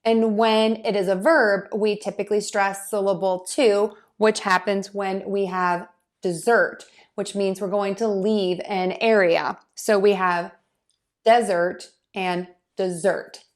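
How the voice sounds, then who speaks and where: A woman pronunciation teacher giving a casual lesson, explaining patiently and methodically with frequent pauses and fillers. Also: medium pitch, little pitch movement.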